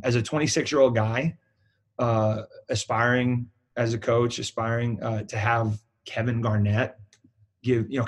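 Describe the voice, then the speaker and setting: New england guy telling a story, kinda husky, lots of ums and restarts. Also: medium pitch. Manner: animated anecdote-telling with many fillers and restarts. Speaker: guest, youth basketball program director. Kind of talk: storytelling in a casual interview.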